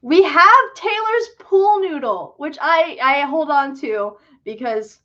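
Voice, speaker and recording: Giggly high-voiced woman on a livestream. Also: animated, slow pace, pushed and bright. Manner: chatty, self-deprecating, giggly, many fillers. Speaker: livestream host and filmmaker. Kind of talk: casual livestream Q&A chat. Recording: dull lo-fi sound.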